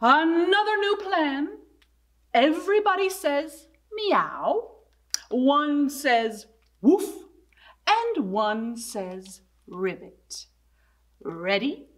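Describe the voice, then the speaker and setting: A children's librarian reads a picture book aloud, her high voice swooping up and down as she plays out each animal sound. She takes her time, drawing out the words in a playful, expressive storytelling manner. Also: drawn-out words.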